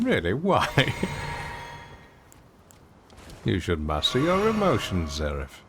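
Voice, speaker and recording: A man's voice: fairly low pitch, wildly swooping pitch, takes it slowly, pauses often, background noise. A man streaming a video game, giving casual, playful, self-mocking commentary as he plays.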